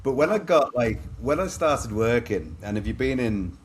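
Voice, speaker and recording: Speaking at a moderate pace in a mid-range, very animated voice, this middle-aged Englishman from Liverpool is a podcast guest recounting personal anecdotes candidly and chattily. He calls the host "mate", and there's slight background noise.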